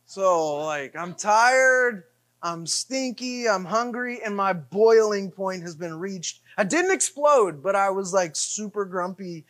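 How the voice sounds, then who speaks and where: A middle-aged man preaching, telling a self-deprecating story in an animated way with repeated refrains. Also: high voice, unhurried, hardly any pauses. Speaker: pastor. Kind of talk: sermon storytelling.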